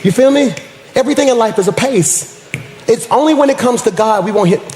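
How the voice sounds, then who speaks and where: A man preaching a sermon as pastor, in a rhythmic, sing-song style that swells into shouts and addresses the congregation in casual slang. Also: extremely high pitch, fairly quick, slight background noise. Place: church sanctuary. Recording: echoey church hall with crowd.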